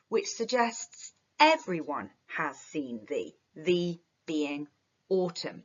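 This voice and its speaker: A woman's voice: lowish voice, expressive, takes it slowly, pushed and bright, muffled recording. A woman teaching poetry, walking through a poem line by line and stressing key words. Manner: thinking aloud with fillers, stressing key words. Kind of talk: literature lesson with close reading.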